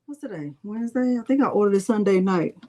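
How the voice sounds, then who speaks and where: Her voice sits at medium pitch, expressive and quick, with a darkish tone. A middle-aged woman hosting a crafting livestream, she chats with y'all viewers, teases herself, and mutters to herself as she works.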